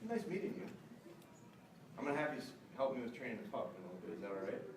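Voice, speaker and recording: A man's voice: rapid-fire, slight background noise. A middle-aged man, a dog trainer, giving a live seminar to an audience in a large store hall, chatty and joking. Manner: chatty, joking, jumps to high excited praise voice. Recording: roomy echo, mic at a distance.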